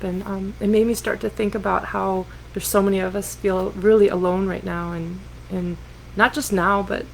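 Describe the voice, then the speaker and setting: Gentle storytelling woman on a laptop mic. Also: medium pitch, creaky, a little hiss or hum, poor audio. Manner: gentle, unhurried storytelling with hesitant fillers. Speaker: singer-songwriter. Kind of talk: storytelling on a livestream. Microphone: laptop computer mic.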